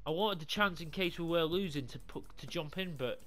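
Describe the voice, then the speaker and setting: A young man commentating his football video game career mode, swearing a lot, yelling when things go wrong and talking things through quietly in between. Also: on the high side, fairly quick, faint music behind. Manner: swears a lot, yells in frustration, mutters calmly between games. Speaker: gaming YouTuber. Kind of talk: live gameplay commentary.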